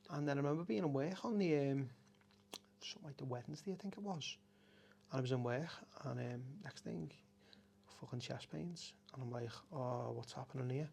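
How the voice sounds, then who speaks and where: This Liverpool café owner, middle-aged and appearing as a podcast guest, tells candid conversational stories in a somewhat high, slightly mellow voice with vocal fry, at a fairly quick pace. Raw and emotional, he swears often and breaks off to begin sentences again. Slight background noise is present.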